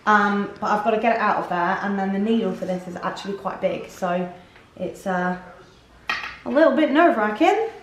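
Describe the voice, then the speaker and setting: A woman's voice: mid-range voice, flat delivery, brisk, a bit bright, a little hiss or hum. A young woman talking frankly to camera at home in a casual vlog, with many ums. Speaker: vlogger. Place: at home, indoors. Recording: echoey room.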